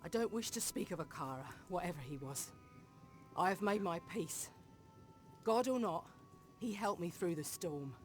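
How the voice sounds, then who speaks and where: A woman's voice: lowish voice, lively intonation, moderate pace, long pauses, a little mellow, soft background music, lightly acted. A woman voicing a polite, composed innkeeper. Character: calm female innkeeper at peace with her past. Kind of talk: game dialogue.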